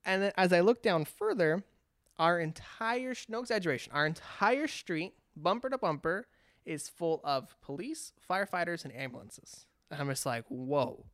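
This studio-quality, echo-free clip has a mid-range voice moving at a moderate pace. The speaker, from California, spins a lengthy personal tale in relaxed conversation, animatedly performing quotes and frequently starting over.

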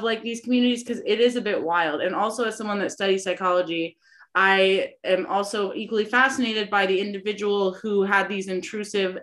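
A woman's voice: medium pitch, fairly bright tone. Rambling giggly young woman podcaster. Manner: rambling, filler-heavy, giggly. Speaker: podcast host. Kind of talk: casual chat.

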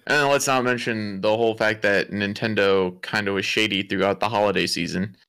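Male co-host, lowish gravelly voice with bright edge, opinionated and sarcastic. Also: fairly even intonation, fairly quick. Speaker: podcast co-host. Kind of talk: casual gaming chat.

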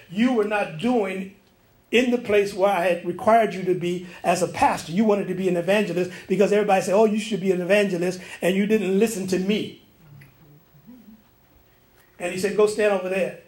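A man's voice: high-pitched, darkish tone, reverberant. A man preaching, telling a dream as a story and acting out the voices and sounds in it. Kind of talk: sermon testimony.

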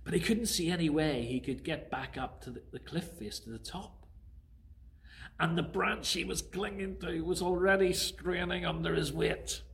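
A man preaching a sermon who opens with a prayer and tells a story in a conversational, animated way. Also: fairly high pitch, normal speed, creaky.

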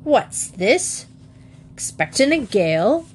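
Gruff old seafaring admiral, barking orders; a woman reader doing the voice. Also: big pitch swings, slow, a little hiss or hum. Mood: blustering. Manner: booming seafaring bark, dropped g's. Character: gruff old male sea admiral, blustering.

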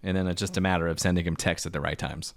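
A man co-hosting a podcast in casual chat, telling jokey stories in an animated way. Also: sits low, very fast, creaky, a little hiss or hum. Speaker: podcast co-host.

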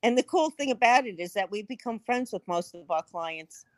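A woman's voice: mid-range voice, animated, moderate pace, a crowd in the background. A woman who co-runs a PR agency, speaking in a hesitant way that repeats words as she explains. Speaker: PR agency co-owner, writer. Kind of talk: livestream interview chat.

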